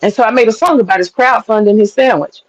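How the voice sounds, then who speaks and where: A woman's voice: fairly high pitch, fast talker, no echo, lo-fi sound. A woman guest chatting casually on a livestream, brash, teasing and profane. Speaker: stream guest.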